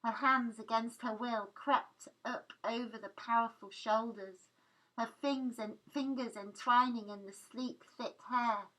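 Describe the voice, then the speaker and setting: A woman reading extracts of a novel aloud in a measured, deliberate manner. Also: fairly high pitch, steady tone, sharp tone, low-quality recording. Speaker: reader.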